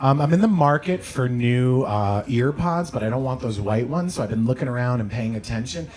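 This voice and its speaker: A man doing a stand-up set at a comedy club, delivering deadpan one-liners with quick self-corrections. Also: medium pitch, slight background noise. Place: comedy club stage with audience laughter.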